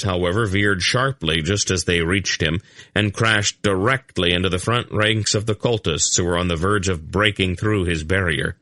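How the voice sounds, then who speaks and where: A man reads a fantasy audiobook in a steady, measured way. His voice is very low, and the recording is close and dry with no room echo. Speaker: audiobook narrator.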